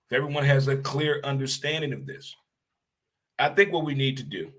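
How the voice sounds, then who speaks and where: A man hosting his own podcast, ranting in an animated, blunt way and repeating phrases for emphasis. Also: medium pitch, normal speed. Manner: blunt, occasional swearing. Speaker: podcast host. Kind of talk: solo opinion rant.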